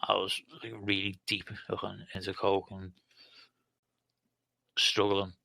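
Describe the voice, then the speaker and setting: Low-voiced man, halting and hurt. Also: monotone, gravelly, pushed and bright, dry recording. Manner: halting, repeats words, hurt and confrontational. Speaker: guest. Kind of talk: emotional live talk.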